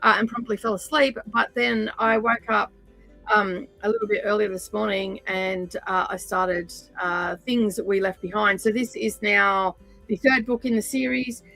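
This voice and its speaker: A woman's voice: mid-range voice, fairly even intonation, moderate pace, vocal fry, bright, forceful tone, faint music behind, rough recording. A woman hosting a stitch-along livestream, chatting casually with many fillers and drifting from the mic while she sorts threads.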